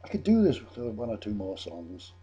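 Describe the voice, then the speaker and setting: An older man from England telling a personal story in a chatty, self-amused way, often restarting his sentences. His voice sits low, with a mellow, very raspy tone. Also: wildly swooping pitch, normal speed. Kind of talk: personal anecdote.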